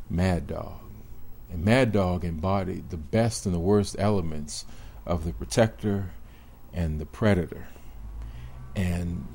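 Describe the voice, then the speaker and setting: A man in his sixties, a former police officer, telling his own story in an interview in a measured, deliberate way with reflective pauses. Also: sits low, dark tone.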